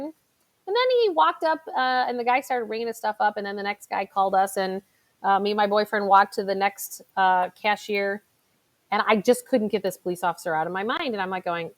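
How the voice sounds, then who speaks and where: A woman's voice: mid-range voice, a little fast. A middle-aged woman, a financial advisor giving a motivational talk in a chatty storytelling way, full of fillers. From Chicago.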